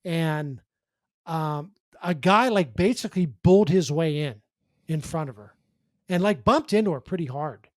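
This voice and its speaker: A man co-hosting a sports podcast, telling press box stories in an animated casual way with many restarts and acted-out quotes. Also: a little high, measured pace, no echo. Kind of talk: casual storytelling chat.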